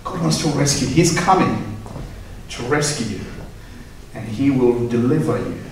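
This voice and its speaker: A man preaching a sermon, swinging between impassioned proclaiming and quiet reflection. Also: medium pitch, lively intonation, measured pace, a little hiss or hum. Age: adult with a young son. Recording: echoey hall from far off, faint ambience.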